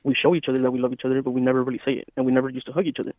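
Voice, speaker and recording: A man co-hosting a casual podcast chat, talking in a calm, even, matter-of-fact way. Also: mid-range voice, racing, no room sound. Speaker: podcast co-host. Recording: dry, phone-like thin sound.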